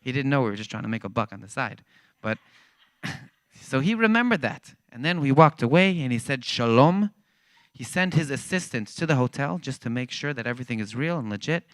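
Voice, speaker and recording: A man giving a church talk as animated, conversational storytelling. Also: medium pitch, a little fast, no echo. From Israel. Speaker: guest speaker. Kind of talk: storytelling testimony.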